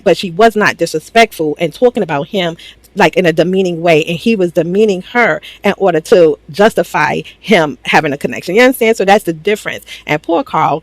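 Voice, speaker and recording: A woman's voice: lowish voice, no echo. A woman recapping a reality show in casual, sassy commentary, laughing often and swearing freely.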